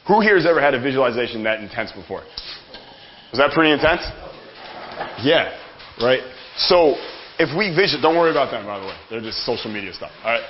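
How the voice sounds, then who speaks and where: A man's voice: mid-range voice, brisk, pauses often, a little hiss or hum. Man, motivational seminar speaker, profane, fired up, muffled lo-fi sound. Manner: energetic, profane, addresses the room directly. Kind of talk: live motivational seminar talk. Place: conference room with audience. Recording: dull lo-fi sound.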